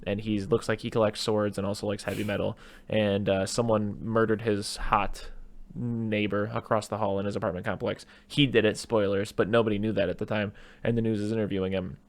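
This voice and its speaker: Lowish-voiced guy hosting a movie podcast, rambly and animated, talks over his cohost. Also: fairly quick. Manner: rambling, animated retelling with put-on quotes. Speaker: podcast host. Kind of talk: casual movie podcast chat.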